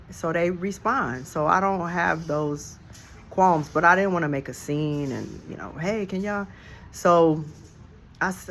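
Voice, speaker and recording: List: casual porch storyteller, mid-pitched voice, conversational and reflective, phone mic, faint background noise. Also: fairly bright tone. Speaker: storyteller vlogger. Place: outdoors on a porch. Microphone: phone held in hand.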